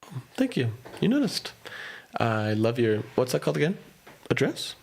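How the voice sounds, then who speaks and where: A man improvising a humble, earnest former cow herder turned maid who keeps apologizing and flattering his employer. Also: mid-range voice, normal speed, gravelly, a little hiss or hum. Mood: eager. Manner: fawning and over-apologetic. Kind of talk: improvised comedy scene. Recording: live theater with faint guitar music.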